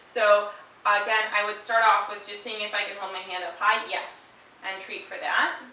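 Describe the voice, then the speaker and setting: A woman dog trainer calmly explaining a handling exercise and stopping often to praise the dog in a high, chirpy voice. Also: moderate pace. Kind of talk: instructional demonstration. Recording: very echoey room, mic far off, faint hiss.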